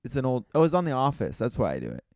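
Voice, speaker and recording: A man co-hosting a casual comedy podcast, telling animated stories and swearing casually. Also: medium pitch, racing, vocal fry, dry recording, studio quality. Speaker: podcast co-host.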